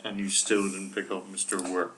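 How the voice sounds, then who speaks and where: A man's voice: low voice, level tone, normal speed, a bit bright, slight background noise, rough recording. A man co-hosting a casual chat podcast. He speaks in a wry, teasing way and quizzes his co-host.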